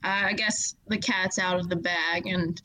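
A woman's voice: lowish voice, fairly even intonation, moderate pace, pushed and bright, a little hiss or hum, low-quality recording. A woman playing in a tabletop game podcast, talking hesitantly and stumbling over her words. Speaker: player. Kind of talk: casual tabletop role-play.

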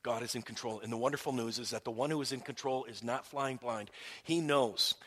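Man preaching, hushed to emphatic. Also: medium pitch, normal speed. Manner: shifts between hushed and emphatic, with restarts. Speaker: pastor. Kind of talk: sermon.

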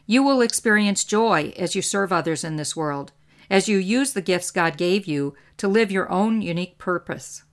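A woman hosting a faith podcast, talking in an earnest, gently instructive way, recorded on a podcast mic. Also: mid-range voice, lively intonation, moderate pace. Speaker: podcast host and author.

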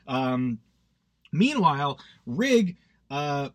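A man's voice: on the high side, big pitch swings, very slow, dry recording. A man hosting a podcast, recapping a horror movie in a rambling, self-deprecating way with lots of asides. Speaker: podcast host.

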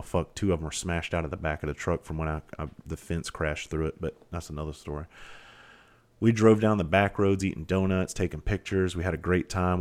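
A middle-aged man with a very low voice, sitting back and talking straight to his listeners. He rambles through a candid story from home, restarting sentences and swearing freely as he goes. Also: darkish tone. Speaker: podcast host. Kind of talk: candid monologue.

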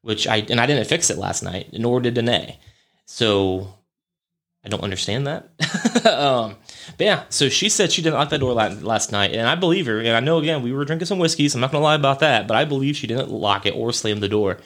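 A man's voice: medium pitch, fairly quick, fairly bright tone. A young man hosting a podcast, rambling through a casual story with lots of fillers, swearing and chuckles. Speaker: podcast host.

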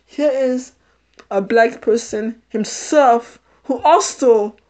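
A woman in her thirties with a fairly high voice, chatting on her podcast. She keeps laughing as she talks and often goes back over her own phrases to restart them. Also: slow pace, darkish tone. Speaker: podcast host. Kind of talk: casual personal storytelling.

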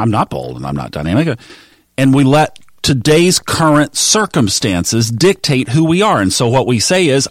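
A man with a voice on the low side hosts a motivational podcast, earnestly coaching listeners and acting out their quoted self-talk and inner voices. The sound is studio quality with no echo.

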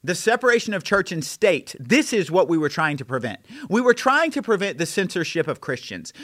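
A man preaching a fiery sermon in a somewhat high voice, hammering home each point with repetition. The sound is close and dry, with no room around it. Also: sing-song, brisk, fairly bright tone, dry recording. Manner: preaching with rising intensity and repeated challenges. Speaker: pastor. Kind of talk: impassioned sermon.

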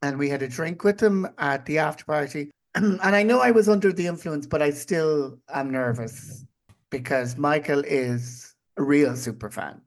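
A man's voice: a little high, moderate pace. A man co-hosting a podcast, chatting casually with teasing, mock-formal interjections. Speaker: podcast co-host. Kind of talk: casual chat.

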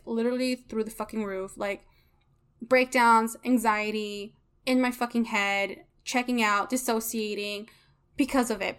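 A woman's voice: on the high side, a bit bright. A woman hosting a solo podcast, talking candidly and emotionally, swearing often and filling her speech with "like". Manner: frank and heavily profane, frequent "like" fillers; emotional and confessional, venting frustration. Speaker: podcast host.

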